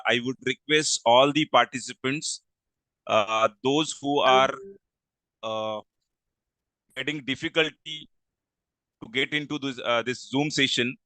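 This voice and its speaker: Bright-voiced man hosting an online class. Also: mid-range voice, dry recording, rough recording. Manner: polite, halting, thanks many attendees. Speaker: webinar host and training manager. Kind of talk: live online class introduction. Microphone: video call microphone.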